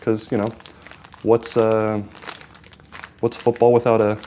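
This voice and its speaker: A man's voice: fairly low pitch, monotone, slow, warm tone, a little hiss or hum. A man from California hosting a casual live stream with a lapel mic, chatting with viewers and calling the plays, with lots of fillers. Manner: chatty, hesitant with many fillers, hyped at plays. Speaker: livestream host. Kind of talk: casual live-stream chat and game commentary.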